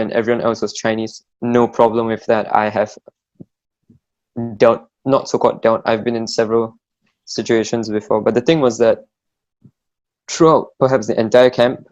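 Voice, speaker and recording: A man's voice: medium pitch, a little mellow, lo-fi sound. A young man from Singapore, joking bluntly in a casual podcast chat. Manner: joking, blunt, rambling with fillers. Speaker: podcast co-host.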